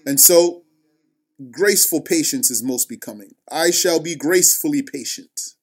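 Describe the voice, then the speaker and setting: A man telling a religious story, reciting scripture, then explaining it line by line in a slow, deliberate manner. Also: on the high side, expressive, breathy edge.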